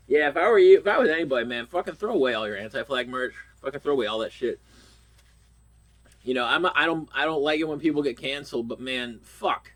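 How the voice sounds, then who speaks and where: A man's voice: mid-range voice, fast, a bit bright. A middle-aged man from Pittsburgh with a stuffy nose, ranting bluntly and swearing constantly. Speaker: vlogger. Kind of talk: profane rant.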